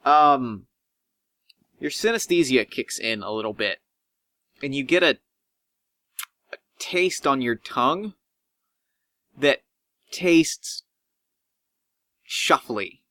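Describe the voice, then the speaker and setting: A man narrating a tabletop game as game master, animated and swinging in pitch as he describes scenes. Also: takes it slowly, pauses often, no room sound.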